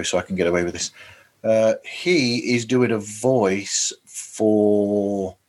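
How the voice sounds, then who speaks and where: A man co-hosting a podcast, chatting casually and teasing his partner. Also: on the low side. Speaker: podcast co-host.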